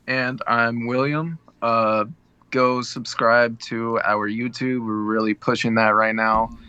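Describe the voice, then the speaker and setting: A man co-hosting a gaming podcast, chatting in a relaxed way and laughing often. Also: mid-range voice, slow, clear, resonant tone, dry recording, highs cut off. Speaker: podcast co-host. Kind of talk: casual chat.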